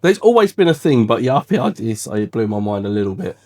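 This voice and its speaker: A man's voice: lowish voice, very animated, fast talker, darkish tone. A man in his thirties with a South London accent, chatting in a podcast interview and animatedly acting out quoted exchanges, swearing freely. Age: 30s. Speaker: classic car garage owner.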